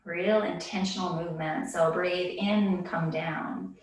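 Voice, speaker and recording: A woman leading a yoga class, calmly cueing breaths and movements, a little out of breath. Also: fairly low pitch, measured pace, very echoey, recorded from a distance, poor audio. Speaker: yoga instructor. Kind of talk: guided yoga class instruction.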